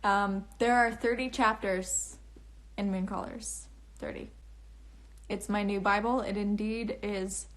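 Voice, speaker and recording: Her voice is medium-pitched, steady and slow as the young author hosts a casual livestream from her phone camera. She responds to comments in a bubbly, rambling manner, full of laughs and restarts.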